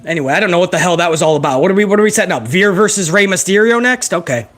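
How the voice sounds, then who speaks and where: A man giving live, profane play-by-play reaction to a wrestling broadcast, excitable and joking. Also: sits high, rapid-fire. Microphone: headset.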